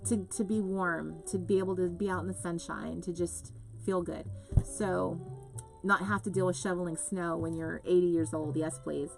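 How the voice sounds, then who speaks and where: Chatty, bubbly woman with a low voice. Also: creaky. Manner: chatty and bubbly, laughs often. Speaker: host of a live crafting show. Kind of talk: casual live-stream chat reading viewer comments.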